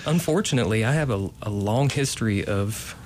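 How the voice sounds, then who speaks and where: A man in his late twenties from Kentucky, talking casually as a playwright guest. His voice sits low, and he keeps pausing and restarting his sentences. Faint noise runs in the background. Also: animated. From Kentucky, USA. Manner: hesitant, many ums and restarts. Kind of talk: casual interview.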